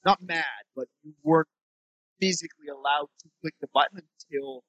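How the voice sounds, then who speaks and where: A man's voice: on the high side, fairly quick, a bit bright, no room sound, rough recording. A man co-hosting a podcast in a temporary studio, chatting casually, joking, laughing often and swearing freely. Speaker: podcast co-host. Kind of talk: casual chat.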